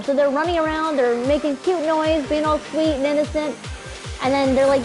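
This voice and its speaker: A young woman telling a travel story in casual chat while playing a racing game with a friend, animated and swearing freely. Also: high-pitched, a little fast, over music. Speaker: gamer co-streamer.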